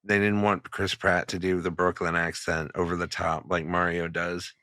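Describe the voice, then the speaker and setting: A man's voice: sits low, little pitch movement, normal speed, sharp tone, no room sound, clean studio sound. A man co-hosting a podcast in casual chat, blunt and swearing freely. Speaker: podcast co-host.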